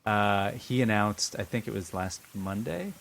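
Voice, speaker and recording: A man with a fairly low voice talks loosely as a podcast co-host. He circles his point, trailing off into ums and uhs and restarting his sentences. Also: expressive, unhurried, vocal fry, a bit bright, poor audio. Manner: rambling, many fillers and restarts. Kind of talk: casual chat.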